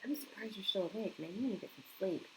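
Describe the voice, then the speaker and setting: A woman's voice: medium pitch, quick pace, darkish tone, slight background noise, low-quality recording. A woman chatting casually on a home live stream, reacting to viewer comments and laughing often.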